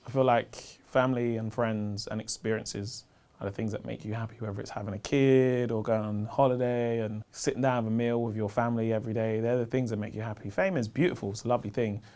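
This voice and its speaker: Lively South London comedian. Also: male voice, quick pace, faint music behind. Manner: animated, slangy storytelling, gets loud and high when excited. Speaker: stand-up comedian. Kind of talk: casual interview answers.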